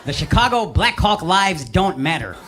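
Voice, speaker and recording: Brash high-voiced comedian over loud crowd laughter. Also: male voice, sing-song, moderate pace, heavy background noise. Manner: brash, swearing, punchy delivery with acted-out voices. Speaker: stand-up comedian. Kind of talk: stand-up comedy set. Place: comedy club stage before a laughing audience. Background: loud audience laughter and cheering.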